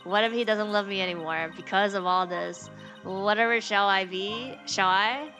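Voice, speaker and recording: A woman's voice: medium pitch, normal speed, bright, forceful tone, soft background music, lightly acted. A woman voicing a melodramatic young bride who frets and mourns aloud in a game read-through. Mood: fretful. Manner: fretful, sobbing theatrics.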